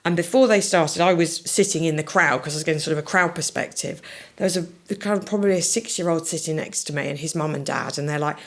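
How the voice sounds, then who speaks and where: Chatty woman, lowish voice. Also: fast. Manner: chatty, enthusiastic storyteller. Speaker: podcast guest, social media marketer. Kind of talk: casual chat.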